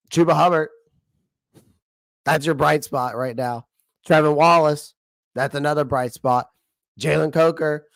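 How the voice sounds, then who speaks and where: A man's voice: fairly high pitch, fairly bright tone, no room sound, studio quality. A young man hosting a casual livestream, blunt and frustrated, laughing often, and losing his voice. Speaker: livestream host.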